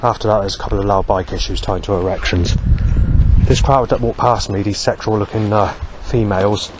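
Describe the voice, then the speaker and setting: A man with a fairly low voice rambles on as he walks along a street, stringing thoughts together with lots of ums. Faint outdoor ambience sits behind him. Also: fairly even intonation, fairly quick, background noise. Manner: rambling, with many fillers. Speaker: vlogger. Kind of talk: walking monologue.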